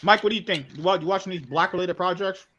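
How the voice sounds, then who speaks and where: A man's voice: high-pitched, fast, sharp tone, muffled recording, slight background noise. A man hosting a casual podcast chat, goofy and joking.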